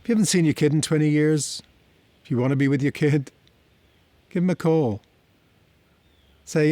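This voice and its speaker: Man calmly teaching parenting lessons. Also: fairly high pitch, normal speed, long pauses, no room sound. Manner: reflective, conversational, tells personal stories. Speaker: therapy teacher. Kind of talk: explanatory talk to camera.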